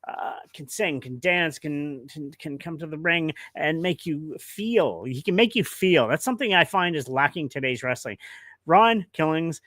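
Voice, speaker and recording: A man's voice: fairly high pitch, lively intonation, a little slow, fairly bright tone, dry recording. A man streaming casual commentary, rambling and emotional, with many restarts.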